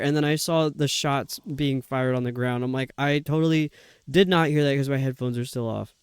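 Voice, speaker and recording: A man's voice: fairly high pitch, normal speed, clean tone, no room sound. A man streaming a video game live, talking to himself and his viewers in a grumbling, exasperated way. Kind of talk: live gameplay commentary.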